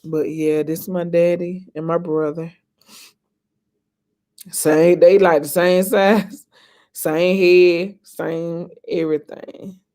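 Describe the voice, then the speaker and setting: A woman's voice: fairly low pitch, level tone, slow, mellow. A woman in her thirties, an inspirational vlogger, chatting casually and emotionally with her viewers. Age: 30s. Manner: chatty, calls viewers "y'all" and "honey"; emotional, reminiscing.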